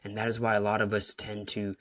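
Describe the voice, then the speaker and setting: Guy on his podcast, lowish bright voice, dry close mic, rambly coaching talk. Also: completely flat delivery, fast, no room sound. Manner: rambling, restarts, retells scenes with emphasis. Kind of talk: casual motivational talk.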